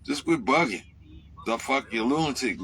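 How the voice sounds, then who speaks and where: A man's voice: mid-range voice, moderate pace, slight background noise. Profane ranting trucker man. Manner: profane, animated ranting with sudden yelled outbursts. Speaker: truck driver. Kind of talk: casual rant to camera.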